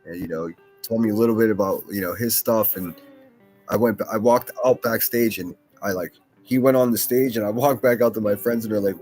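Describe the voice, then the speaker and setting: A man's voice: on the low side, moderate pace, a little mellow, soft background music. A man hosting a solo podcast, rambling casually with lots of swearing, fillers and restarts. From Pittsburgh, USA.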